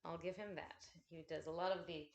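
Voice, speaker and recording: Chatty, swearing woman with a lowish voice. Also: steady tone, a little fast. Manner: chatty, frequent swearing, self-deprecating asides. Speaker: streamer chatting while folding laundry. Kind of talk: casual rambling chat. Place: at home.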